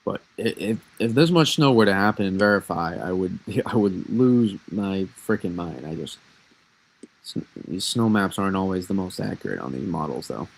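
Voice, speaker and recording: A man's voice: low voice, animated, normal speed, gravelly, rough recording. A man casually breaking down a snowstorm forecast on a live stream, rambling and answering viewer questions as he goes. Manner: chatty, rambling, restarts and answers chat.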